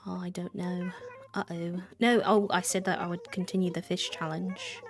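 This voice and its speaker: A young woman streams a game live, chatting casually and rambling as she answers her chat and thanks subscribers. Her voice is lowish and her pace normal, with faint music in the background.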